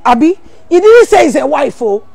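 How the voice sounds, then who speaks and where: A woman pastor, preaching a sermon full of rhetorical questions, teasing asides and sudden shouted emphasis. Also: high voice, lively intonation, a little slow, gravelly, dry recording, soft background music.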